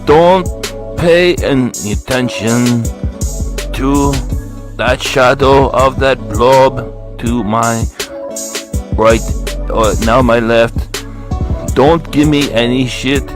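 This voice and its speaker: A man performing a boastful, swaggering character with broken English, half-singing his lines slowly. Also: mid-range voice, over music. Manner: half-sung, slow, boastful rhyming. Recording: sung over hip hop beat.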